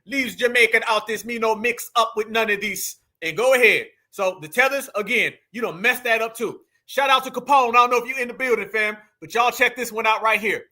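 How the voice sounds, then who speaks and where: A man reacting to a clip as a livestream commentator, animated and preachy, laughing often and speaking in slang. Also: very high voice, fairly quick, hardly any pauses.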